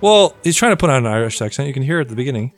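A man's voice: medium pitch, sing-song, very fast, soft background music. A man co-hosting a podcast in casual, rambling chat with fillers and laughs. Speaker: podcast co-host.

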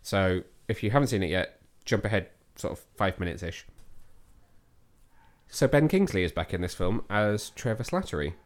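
A man with a fairly low voice hosts a relaxed film review chat. He rambles, restarts his sentences and keeps asking his co-host questions. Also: normal speed. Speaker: podcast host.

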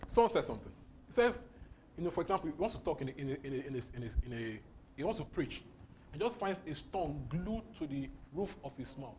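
A man's voice: fairly high pitch, sing-song, fast talker, darkish tone, slight background noise. A man preaching a charismatic sermon, exuberant and often laughing as he repeats his phrases.

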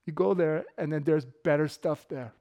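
A man's voice: a little high, moderate pace, dark tone. A middle-aged man giving a casual sermon full of personal stories, joking and laughing often. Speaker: pastor.

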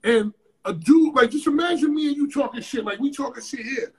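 A man guest in an interview, telling a story in a casual, profane, animated way with sudden loud bursts. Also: very high voice, brisk, breathy edge.

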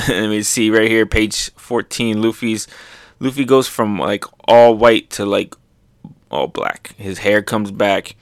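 Young man, excitable comic reactor, unhurried delivery, dry close mic, laughs and sound effects. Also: on the low side, no echo.

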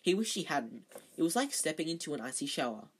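An amateur reader reads a novel aloud in a casual way, occasionally stumbling and then correcting themself. The voice is husky and medium-pitched, with big swings in pitch and a quick pace.

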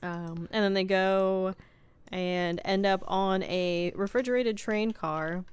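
A woman's voice: medium pitch, steady tone, slow pace, smooth, no room sound. A woman co-hosting a podcast, chatting casually and recapping a movie, laughing often as she acts out quotes. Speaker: podcast co-host.

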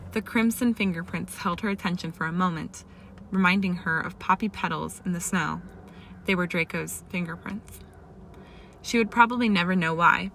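A woman's voice: fairly low pitch, vocal fry, sharp tone, slight background noise. A woman reading a story aloud as narrator, with occasional slips and restarts. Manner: reads dialogue with raised emotion, small slips and restarts. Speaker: fan fiction reader. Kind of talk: audiobook-style story narration.

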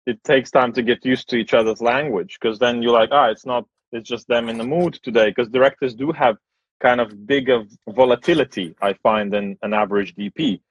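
Podcast host, man, frank and casual, a touch husky, dry dull sound. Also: mid-range voice, brisk, no room sound. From post-Soviet Eastern Europe. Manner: blunt, relaxed, swears casually. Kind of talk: casual conversation.

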